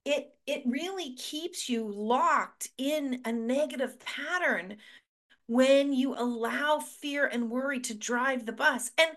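A woman with a fairly high voice hosts a motivational talk show. She speaks in an earnest, emphatic way and hammers points home by repeating words. She sounds middle-aged. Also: takes it slowly, a bit bright. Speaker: show host.

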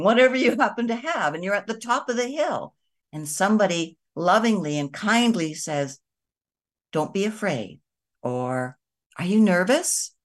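A woman hosting a show, talking to her viewers in a gentle, conversational way. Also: medium pitch. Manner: gentle, conversational, with soft emphatic asides. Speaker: host of a kindness and energy show. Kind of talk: reflective spoken talk to viewers.

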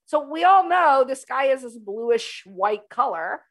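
Energetic woman hosting a talk show. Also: high voice, unhurried. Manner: energetic, emphatic, repeats key phrases. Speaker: show host, leadership coach. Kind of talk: solo talk show monologue.

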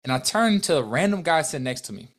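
A man's voice: a little high, big pitch swings, quick pace. A young adult man, a podcast guest and business owner, telling a heartfelt story in an earnest, emotional way, full of restarts and quoted dialogue.

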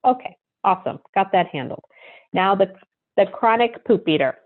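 A middle-aged woman giving a chatty talk on dog behavior, now and then murmuring repeated clearing phrases quickly and low. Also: animated. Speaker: animal behavior consultant. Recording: tinny phone-like line.

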